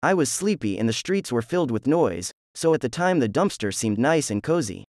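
A man's voice: medium pitch, very animated, fairly quick, darkish tone, no echo, studio quality, close to an everyday voice. A man voicing a cocky, reckless teenage ninja antihero with a smug, mocking way of talking.

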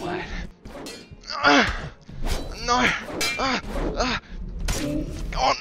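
A man with an Australian accent giving sweary gameplay commentary, excitable and yelling at enemies. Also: mid-range voice, slow, pauses often. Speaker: gaming video host. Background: loud game music.

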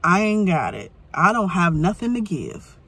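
A burnt-out woman venting in a frustrated, halting rant from inside her parked car, starting over again and again. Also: lowish voice, big pitch swings, fairly bright tone, slightly rough. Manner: frustrated, halting, many restarts. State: burnt out and weary. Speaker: vlogger. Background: faint rain and vehicle ambience.

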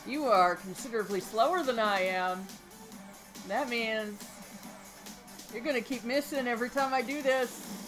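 A woman's voice: fairly high pitch, unhurried, pauses often, fairly bright tone. A woman hosting a let's play, chatting casually and playfully over her gameplay with light game music behind her. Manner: playful, reads game dialogue aloud in put-on voices.

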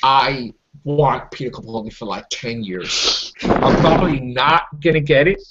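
A man's voice: mid-range voice, a little slow, heavy background noise. A man hosting a casual fan podcast, ranting and swearing with strong opinions. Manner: ranting, swears, mocks people in silly voices. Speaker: podcast host. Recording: dull lo-fi audio.

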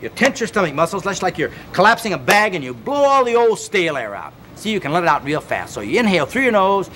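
A man's voice: sits high, fast talker, a little hiss or hum. A man hosting a televised home exercise show, counting reps energetically and speaking earnestly and directly to the viewer. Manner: energetic counting and coaxing commands. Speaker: fitness show host.

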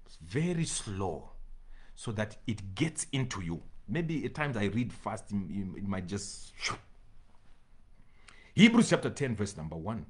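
A man preaching a sermon to his congregation, reading scripture slowly and repeating phrases for emphasis, sometimes pleading with his listeners. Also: fairly low pitch, sing-song, a little mellow. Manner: addresses congregation directly, pleading. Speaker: pastor.

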